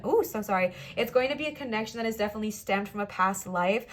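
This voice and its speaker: A young woman giving a pick-a-card tarot reading in a chatty, playful, reassuring way, sometimes acting out little quoted voices. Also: medium pitch. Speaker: tarot reader.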